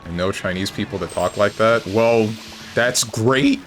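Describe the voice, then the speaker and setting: A man streaming a game, talking in a dry, low-key way to his chat, with sudden high yelps when he gets hit. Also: a little slow, a bit bright, slight background noise. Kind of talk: casual gameplay commentary. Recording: game music behind the voice. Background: faint game music.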